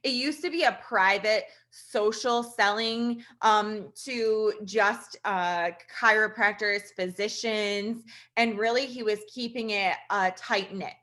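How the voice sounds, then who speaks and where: A woman in her thirties speaks with a bright, forward tone, telling a personal testimonial in an earnest, casual manner. She chats directly to her listeners, full of "like" and "you guys". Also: mid-range voice, slow pace. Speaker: registered nurse sharing a testimonial.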